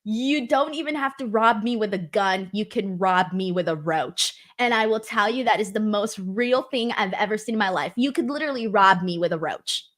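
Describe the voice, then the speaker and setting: A woman's voice: mid-range voice, moderate pace, few pauses. A woman hosting a show, chatting casually and acting out quotes as she tells stories. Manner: animated storyteller, acts out quotes. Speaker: host. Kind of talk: casual chat.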